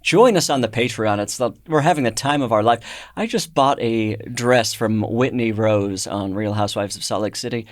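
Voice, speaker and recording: A man hosting a comedy podcast in a studio, delivering absurd jokes deadpan. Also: medium pitch, normal speed, few pauses, no room sound. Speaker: podcast host.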